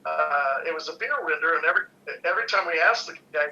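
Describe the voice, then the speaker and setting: Easygoing male guest, very bright tone, somewhat high voice, rambling; lo-fi sound. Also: a little fast, slight background noise. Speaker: guest, brewery co-owner. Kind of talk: casual chat. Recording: dull lo-fi sound.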